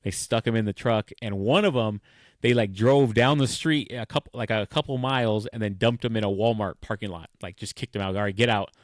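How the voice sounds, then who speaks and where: A man's voice: lowish voice, brisk, no room sound. A man co-hosting a podcast, chatting casually and telling stories animatedly, acting out quoted lines and laughing often. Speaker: podcast co-host. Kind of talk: casual chat.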